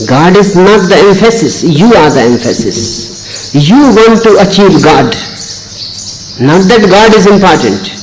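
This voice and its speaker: A middle-aged man giving a spiritual discourse, speaking in short, emphatic phrases with slow, deliberate pauses. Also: a little high, slight background noise, low-quality recording. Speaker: spiritual teacher.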